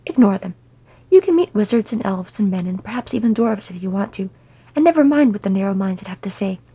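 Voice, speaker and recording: A woman's voice: mid-range voice, expressive, fairly quick, dark tone, breathy edge. A woman doing a fussy, kindly old hobbit.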